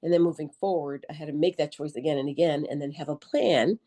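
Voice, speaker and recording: Middle-aged woman, kinda low mellow voice, animated jokey storyteller on a podcast. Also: quick pace. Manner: animated, joking, colloquial storyteller acting out her own quotes. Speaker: podcast guest, army veteran nurse. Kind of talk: conversational interview storytelling.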